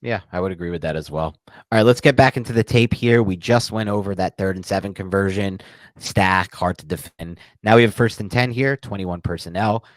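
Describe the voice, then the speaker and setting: A young man with a fairly low voice co-hosts a casual sports podcast, picking apart game tape. He talks in an animated, chatty way. The sound is dry and close to the mic. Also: a little fast, no echo. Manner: animated, mimics voices in quotes. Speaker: podcast co-host.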